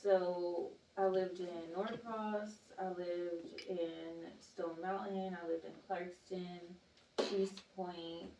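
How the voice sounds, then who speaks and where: A woman's voice: on the low side, fairly even intonation, takes it slowly. Young woman from georgia, rambling casual talk, roomy echo, faint hum behind. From Georgia, USA. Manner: chatty, laughs easily, lots of fillers. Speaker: podcast guest. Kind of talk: casual chat. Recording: echoey room, mic at a distance.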